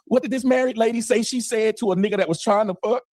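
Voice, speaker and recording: A man's voice: high-pitched, fast, a little mellow, no echo. A man on an online panel, making his case insistently and cutting in to argue. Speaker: panel guest. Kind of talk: heated argument.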